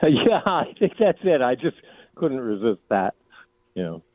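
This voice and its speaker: A man's voice: medium pitch, very animated, normal speed, dry recording. A man calling in to a radio show, chatty and meandering with hesitant fillers. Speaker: caller. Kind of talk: casual chat on call-in radio. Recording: tinny phone line.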